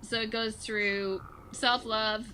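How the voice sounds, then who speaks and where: A woman in her forties, a guest telling stories in an animated way in casual conversation, with many fillers. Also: a little high, slow, a little hiss or hum. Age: 40s. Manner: animated storyteller, many fillers like "like" and "you know". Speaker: guest, social emotional learning teacher.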